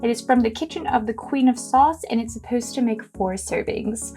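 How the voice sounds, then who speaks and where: A young woman chatting excitedly in a casual cooking vlog, gushing and squealing with delight. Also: on the high side, moderate pace, faint music behind. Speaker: cooking vlogger.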